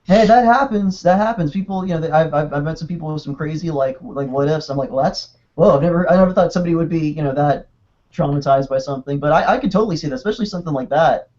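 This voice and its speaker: A man casually chatting on a podcast, excitable and rambling, with quick restarts. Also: on the high side. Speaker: podcast co-host. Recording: dull lo-fi podcast audio.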